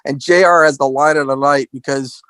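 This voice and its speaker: A man co-hosting a podcast, recapping wrestling history in animated casual chat and acting out quotes in a raised voice. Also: medium pitch, brisk, clear, resonant tone, dry recording. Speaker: podcast co-host.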